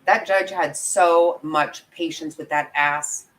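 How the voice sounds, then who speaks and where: A woman's voice: low-pitched, steady tone, slow, low-quality recording. A woman giving heated, profane commentary on a livestream, ranting and talking straight to her viewers. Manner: angry, profane, emphatic ranting; talks to viewers and apologizes for the outbursts. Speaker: true crime commentator.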